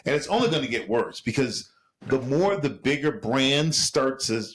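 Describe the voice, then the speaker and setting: A man's voice: mid-range voice, lively intonation, normal speed. A man co-hosting a podcast, talking bluntly and casually with profanity and stammered restarts. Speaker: podcast co-host. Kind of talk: casual chat.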